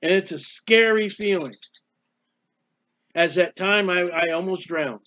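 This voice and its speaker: High-voiced man preaching, bright and tense, dull lo-fi sound, kinda halting and emotional. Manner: emotional, halting, cries out in prayer. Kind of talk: personal devotional talk.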